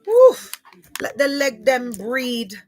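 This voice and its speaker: A woman's voice: mid-range voice, moderate pace, a bit bright, slight background noise. A woman talking to livestream viewers in a loose, slangy, digressive way, drifting between topics. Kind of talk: rambling livestream talk to viewers.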